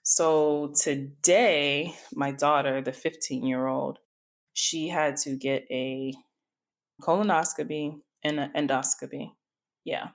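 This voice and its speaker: Woman, middle-aged, podcast host, low voice, casual candid storytelling, drifts off on tangents. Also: fairly even intonation, slow. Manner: chatty, informal, wanders into tangents.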